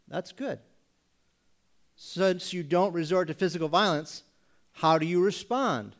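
A man's voice: sits high, lively intonation. Man preaching with pointed rhetorical questions. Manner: rhetorical questions with dramatic pauses; acts out congregation voices mockingly. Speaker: pastor. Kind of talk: sermon.

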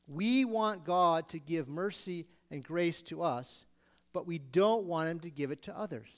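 A man preaching a sermon, acting out pleading voices with sudden loud bursts. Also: on the high side, animated, unhurried.

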